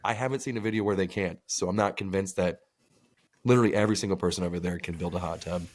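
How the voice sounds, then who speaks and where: A man's voice: deep voice, fast talker. A man co-hosting a podcast, telling rambling, profane stories in casual chat. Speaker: podcast co-host.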